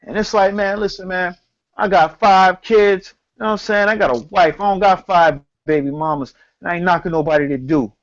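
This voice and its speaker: High-voiced dude telling a story, slangy and cussing, kinda muffled lo-fi sound. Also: male voice, brisk. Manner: animated, slangy, profane storyteller. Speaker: podcast co-host. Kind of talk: storytelling in casual chat.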